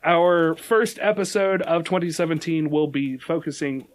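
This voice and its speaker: A man's voice: a little high, moderate pace. A young adult man co-hosting a podcast, chatting casually and joking with a playful laugh. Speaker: podcast co-host. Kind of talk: casual comedic chat.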